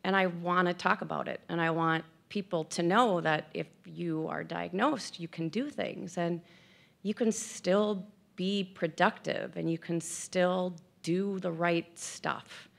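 A woman in her fifties speaks frankly and with self-deprecating humor in personal remarks at an event. Her voice sits a little low, with a gravelly texture. She is tearful and emotional as she talks. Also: steady tone, measured pace. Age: 50s.

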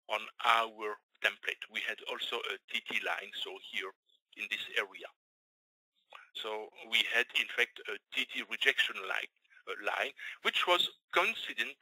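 A man with a Belgian French accent talks through live trades on a screen share, stopping often for fillers and restarts. His voice is very bright and forceful. The sound is dry, close to the mic, with no room around it. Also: on the low side, no echo, rough recording. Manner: explanatory, with frequent fillers and restarts. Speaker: trading educator.

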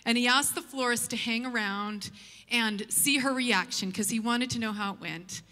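A woman telling a story in a church sermon, lively and humorous as she tells it. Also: on the high side, normal speed, big-room sound. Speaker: church speaker. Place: church auditorium.

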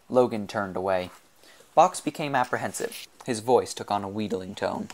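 Man reading an audiobook, lowish voice. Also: moderate pace. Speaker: audiobook reader. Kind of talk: audiobook narration.

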